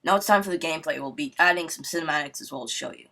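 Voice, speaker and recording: A man's voice: a little high, very fast, pushed and bright. A man narrates a casual game review over footage. He wisecracks and wanders off track, with a loose, irreverent, rambling delivery full of fillers. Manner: rambling, joking, full of "I mean, you know".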